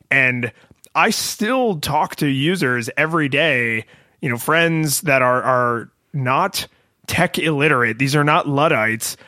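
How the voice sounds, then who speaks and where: A man's voice: medium pitch, no room sound, clean studio sound. A man co-hosting a podcast, talking casually and wryly about tech companies and acting out quoted voices. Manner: wry, animated, acts out quoted voices.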